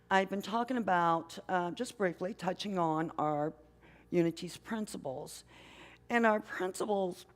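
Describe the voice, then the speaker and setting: An older woman, a mother and grandmother, preaching a sermon in a church with an unhurried, conversational manner, often asking the congregation questions. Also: mid-range voice. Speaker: minister. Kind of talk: sermon with storytelling. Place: church sanctuary. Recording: long hall reverb.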